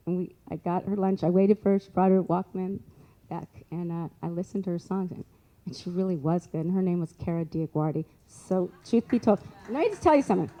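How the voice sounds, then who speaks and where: Animated woman telling a story. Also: mid-range voice, brisk, poor audio. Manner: animated, acts out dialogue, lively asides. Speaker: guest speaker. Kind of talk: storytelling on stage.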